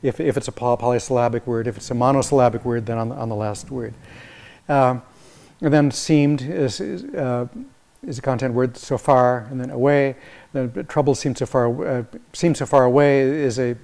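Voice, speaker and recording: A man, a visiting music professor, giving an academic lecture and explaining ideas as he thinks them through, with many halting restarts. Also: medium pitch, creaky, a little mellow. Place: lecture hall.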